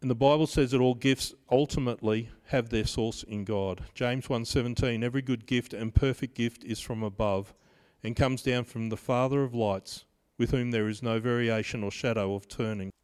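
A pastor in his fifties preaching a sermon in a measured way, mixing scripture with personal stories. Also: medium pitch, steady tone, a little mellow, clear, resonant tone. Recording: long reverb of a large hall.

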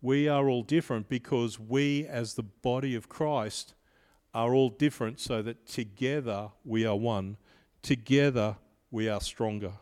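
A pastor in his fifties preaching a sermon in a measured way, mixing scripture with personal stories. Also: medium pitch, darkish tone, smooth. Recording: long reverb of a large hall.

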